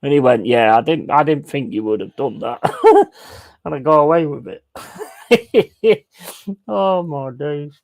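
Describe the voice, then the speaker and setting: Gravelly bloke telling a rambling story. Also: male voice, a little high, animated, takes it slowly, pauses often, darkish tone, no room sound. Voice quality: swearing, laddish storytelling. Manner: rambling anecdote with repeated asides. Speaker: streamer playing a football management game. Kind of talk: casual live-stream chat.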